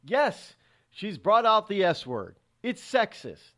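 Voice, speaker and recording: A male talk radio host riffs through a solo opinion segment, his voice sitting a little high and swinging widely up and down. He talks with a sarcastic edge, stumbling into restarts and repeated words as he goes. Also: very animated, slow pace, sharp tone. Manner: sarcastic, rambling with frequent restarts.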